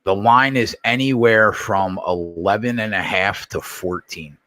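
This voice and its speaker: Man, very low voice, bright edge, dry close mic, casual betting talk, blunt. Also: a little slow, no echo. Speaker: show host. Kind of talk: casual sports betting chat.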